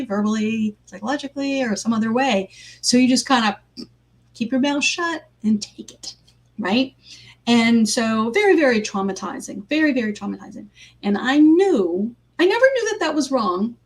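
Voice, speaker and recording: A woman life coach giving a casual live talk, telling personal stories with frequent ums and 'right?' asides. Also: on the high side. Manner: conversational, lots of ums and 'right?' tags.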